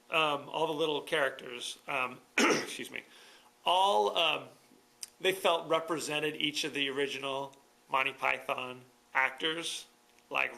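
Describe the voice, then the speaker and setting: Male podcast host, solo chat, slightly high voice with gravelly fry, wry and chatty. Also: bright, forceful tone, poor audio. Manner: chatty and wry, with dry jokes. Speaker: podcast host reviewing films. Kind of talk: casual solo podcast monologue.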